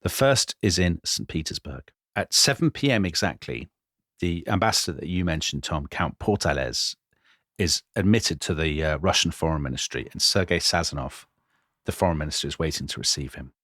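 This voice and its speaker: A man co-hosting a podcast, telling history in a lively conversational way and acting out quoted lines. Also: very deep voice, normal speed, dry recording, clean studio sound. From Britain. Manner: animated, dramatizing quotes with voice changes. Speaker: podcast co-host.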